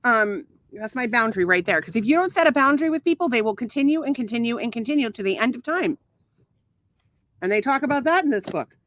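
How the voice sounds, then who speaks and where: A woman's voice: a little high, expressive, fast talker, fairly bright tone. A woman co-hosting a casual podcast, talking with lots of swearing and filler ums in an exasperated way. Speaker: podcast co-host. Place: outdoors at a home pool.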